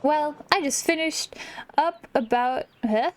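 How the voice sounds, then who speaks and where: A woman's voice: sits high, takes it slowly, pitched above the performer's own voice. A woman voicing a goofy, cheerful male cartoon dog in a folksy drawl, reading game dialogue aloud. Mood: cheery. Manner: folksy drawl attempt, stumbling over lines.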